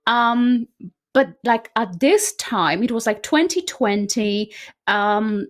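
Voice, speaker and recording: A woman with a fairly high voice tells a personal story as a guest in a conversation. She talks in a lively, chatty way and keeps tagging her sentences with "right?". The delivery is informal and unscripted. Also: slow. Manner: animated, frequently adds "right?". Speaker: decluttering coach guest.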